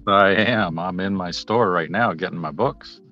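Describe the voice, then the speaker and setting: Deep-voiced laid-back man on a phone. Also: a little slow, sharp tone, muffled recording, faint music behind. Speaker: livestream panel guest. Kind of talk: casual chat. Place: small comic book store.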